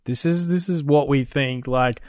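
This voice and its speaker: A man's voice: mid-range voice, unhurried, a little mellow, no room sound, studio quality. An Australian man co-hosting a casual podcast, chatty and enthusiastic. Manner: chatty and enthusiastic, with many fillers. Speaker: podcast co-host. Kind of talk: casual chat.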